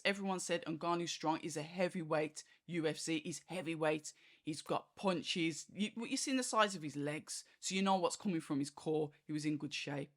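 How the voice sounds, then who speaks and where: The host's mid-range voice has a fairly bright tone as they chat loosely through a boxing fight review. Fillers like "like" and "you know" are everywhere, and quoted reactions get performed.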